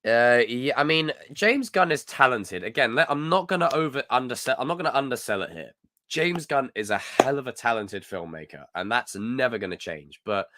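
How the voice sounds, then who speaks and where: Animated Scottish man ranting live. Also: medium pitch, normal speed, no room sound. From Scotland. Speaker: livestream host. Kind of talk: casual live chat reading comments.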